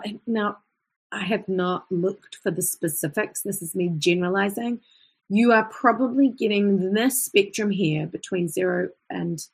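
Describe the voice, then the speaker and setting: An Australian woman coaches singing in a live online lesson, her mid-range voice carrying a breathy edge. She's chatty and slips into short vocal demonstrations while she explains.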